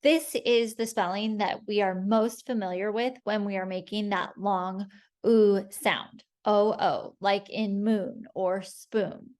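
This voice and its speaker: A woman teacher leading a phonics spelling lesson, sounding out each word slowly and clearly for young learners. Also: medium pitch. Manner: slow, clear, patient sounding-out of words.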